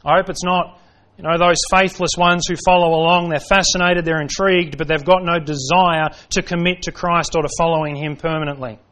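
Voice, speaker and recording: A man's voice: fairly high pitch, steady tone, fairly quick, fairly bright tone. A man preaching an evening sermon in a dramatic style, full of rhetorical questions, who acts out the voices he quotes. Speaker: pastor.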